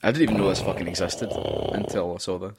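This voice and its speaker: A man's voice: low voice, fast talker, gravelly, heavy background noise. A man co-hosting a casual gaming podcast, joking and swearing, often laughing at his own bits. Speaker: podcast co-host. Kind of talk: casual chat.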